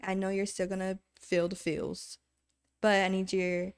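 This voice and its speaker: A woman speaking on a faith podcast, her voice at a middle pitch. She gives advice in a firm, encouraging and emphatic manner. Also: completely flat delivery, unhurried, smooth. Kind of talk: casual faith podcast discussion.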